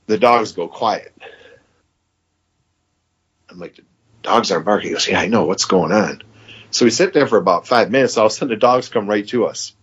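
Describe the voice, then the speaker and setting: A man's voice: fairly low pitch, slightly rough, lo-fi sound. A man in his fifties from Michigan, a podcast guest telling a long story in a rambling, casual way and quoting what others said. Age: 50s. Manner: rambling, quotes others with "he goes".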